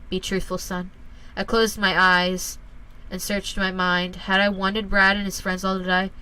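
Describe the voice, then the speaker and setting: A woman reading a first-person horror story aloud in a calm, measured way. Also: mid-range voice, clean tone, rough recording.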